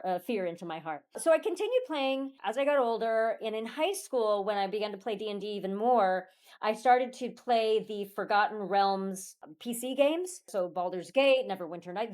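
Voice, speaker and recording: Brief: lively woman guest, expressive storyteller with laughs, a bit tired, mid voice. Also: mid-range voice, moderate pace. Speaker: guest voice actor. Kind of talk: casual interview chat.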